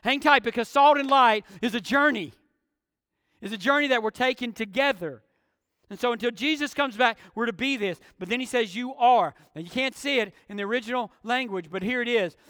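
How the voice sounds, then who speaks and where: A man delivers a sermon with an emphatic preaching manner. His voice sits very high for a man. The recording is dry up close but carries a long hall reverb behind it. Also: brisk, pushed and bright. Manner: emphatic preaching with rhetorical questions. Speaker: pastor.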